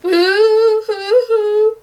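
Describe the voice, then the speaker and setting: A woman voicing a small boy sobbing in the bath, wailing in drawn-out sobs. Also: very high-pitched, fairly even intonation, a little mellow, recorded from a distance, voice pushed up, full character voice.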